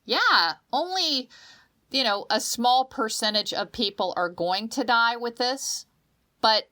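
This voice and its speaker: A woman's voice: fairly high pitch, takes it slowly. A woman co-hosting a podcast in casual chat, telling stories expressively with frequent restarts. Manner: expressive, restarts often, animated storytelling. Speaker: podcast co-host.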